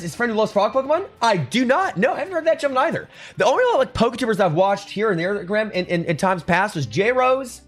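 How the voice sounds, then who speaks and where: A young man hosts a live stream, reading comments and joking sarcastically with his chat. His voice sits high and swings widely, tripping over restarts as he talks. Soft music plays faintly under him.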